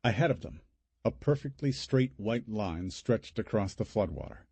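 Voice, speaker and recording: A man narrating a horror audiobook in a steady, measured way. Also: lowish voice, creaky, husky, dry recording. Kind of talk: scripted narration.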